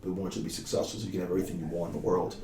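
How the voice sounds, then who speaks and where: A man's voice: sits low, racing, crowd noise. A man in his thirties, a strength and conditioning coach, chatting on a podcast and acting out bits of dialogue as he tells stories. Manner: animated storyteller who acts out dialogue. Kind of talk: casual podcast conversation. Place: office. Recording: echoey office, mic at a distance.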